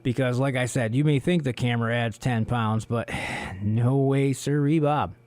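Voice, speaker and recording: Hoarse guy rambling on his radio show, mid-pitched, dead dry studio mic. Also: moderate pace, darkish tone, no echo. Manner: rambling, heavy on "you know" fillers. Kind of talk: casual solo radio talk.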